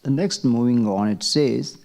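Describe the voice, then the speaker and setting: Guy teaching chanting class, slow careful explaining, kinda gravelly voice. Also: medium pitch, mellow. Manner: slow, deliberate explaining with rhetorical questions. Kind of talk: classroom lecture.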